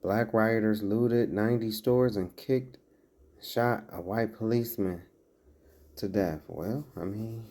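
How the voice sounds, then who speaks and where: A man's voice: on the low side, slow pace, darkish tone. A man giving casual commentary as he reads out a list, breaking off into sarcastic asides and chuckles.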